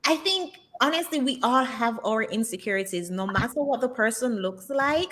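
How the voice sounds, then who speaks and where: A woman's voice: on the high side, expressive, normal speed, fairly bright tone. A woman being interviewed who speaks candidly and with strong opinions, using lots of um's and likes. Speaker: interview guest. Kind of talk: casual interview chat.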